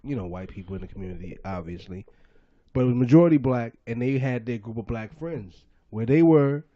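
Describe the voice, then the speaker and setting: A man co-hosting a podcast chats casually, telling stories with animation and laughing often. He has a medium-pitched voice and talks a little fast, and the recording is dry, with a dull lo-fi sound.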